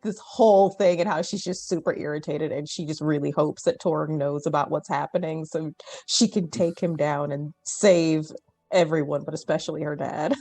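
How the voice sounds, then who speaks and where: Chatty woman player, low voice. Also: fairly even intonation, warm tone, no room sound, faint music behind. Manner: chatty, laughing, quick run-on telling. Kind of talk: casual tabletop play.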